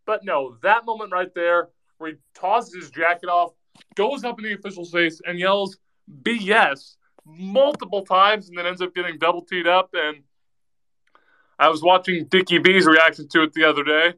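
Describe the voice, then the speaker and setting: A man joining a casual online chat, talking in an animated way with a laugh in his voice. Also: sits high, normal speed, smooth, rough recording. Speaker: participant.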